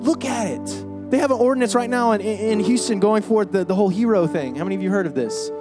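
A man's voice: sits high, fast, music in the background. A man preaching a sermon in a church, emphatic and conversational, with frequent rhetorical questions. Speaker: pastor.

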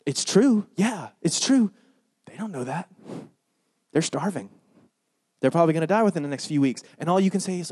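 A man preaching a sermon in a punchy, sarcastic way, swinging between loud bursts and hushed lines. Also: on the high side, expressive, a little fast, long pauses.

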